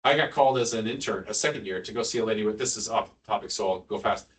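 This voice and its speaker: A man's voice: fairly low pitch, fast. A man giving a casual, joking neurosurgery lecture to nurses, quizzing the room and tossing in asides. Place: hospital lecture room with an audience. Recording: distant mic, audience murmur.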